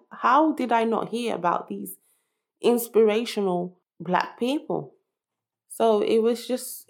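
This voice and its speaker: A woman's voice: mid-range voice, vocal fry. A young woman hosting her own podcast, talking through her story in an earnest, reflective monologue with many restarts. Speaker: podcast host. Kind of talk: personal monologue.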